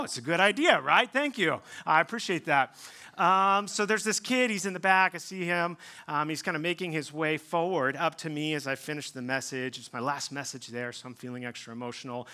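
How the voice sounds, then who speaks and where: A man's voice: on the high side, sharp tone. A pastor in his thirties preaching a sermon, telling stories in a casual, self-deprecating way with plenty of ums and likes. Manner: conversational storytelling with self-deprecating humor; casual fillers like um and like.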